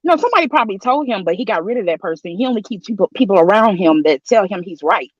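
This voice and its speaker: A woman's voice: medium pitch, expressive, fast, dry recording, dull audio. A woman co-hosting a reaction show, agreeing with the host and making pointed remarks. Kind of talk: casual reaction commentary.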